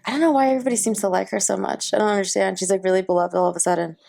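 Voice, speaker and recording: A woman in her thirties from New York, a guest in a casual interview, telling stories in a chatty, animated way with lots of "like.". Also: mid-range voice, rapid-fire, vocal fry. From Queens, New York. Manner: chatty, animated storyteller with frequent "like".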